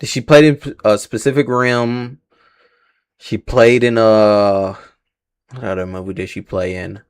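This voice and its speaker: A man's voice: fairly low pitch, flat delivery, a little slow, clean tone. A man hosting a casual livestream reaction, rambling and slangy, swearing freely and stumbling over names. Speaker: livestream host reacting to casting news.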